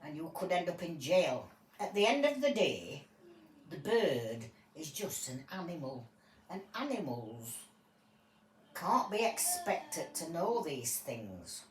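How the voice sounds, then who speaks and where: A woman playing a patient, kindly judge in a homemade toy court game, explaining things gently. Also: low voice, sing-song, slow pace, full character voice. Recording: echoey room, voice from afar, faint hiss.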